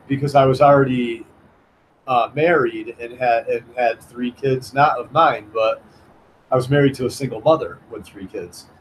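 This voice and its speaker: A man recounts a story in a loose, rambling vlog monologue, often restarting and slipping into the voices of the people he quotes. His voice sits at an ordinary middle pitch. A faint hum runs behind him. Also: low-quality recording. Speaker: vlogger.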